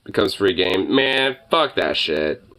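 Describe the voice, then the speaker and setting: Young dude ranting and cursing, low voice that jumps all over. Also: male voice, lively intonation, slow, sharp tone. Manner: swearing, rambling, laughing; cooing baby talk to a dog. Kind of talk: casual chat.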